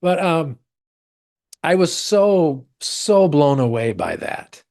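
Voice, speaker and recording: Brief: middle-aged American man, podcast guest, expressive storyteller who jumps into quoted voices. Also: takes it slowly, gravelly. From United States. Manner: animated, acts out quoted voices with big pitch jumps. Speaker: actor. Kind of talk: personal storytelling in a podcast interview.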